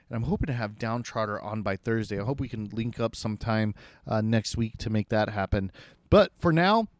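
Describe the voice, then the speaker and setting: A man's voice: mid-range voice, dry recording, studio quality. A man hosting a casual podcast interview outdoors on a city street, talking in an enthusiastic, rambling way and swearing casually. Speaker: podcast host.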